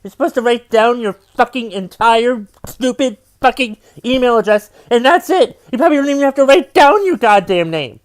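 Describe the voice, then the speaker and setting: A man's voice: very high voice, lively intonation, moderate pace, few pauses. A man who hosts his own podcast as a stand-up comedian, ranting in an exasperated, profane way and repeating his refrains. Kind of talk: comedic rant.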